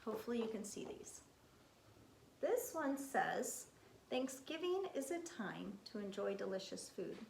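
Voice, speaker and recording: A woman's voice: mid-range voice, big pitch swings, a little slow, gravelly, a little mellow, a little hiss or hum. A woman teaching young children from picture cards, coaxing them with questions. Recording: echoey room.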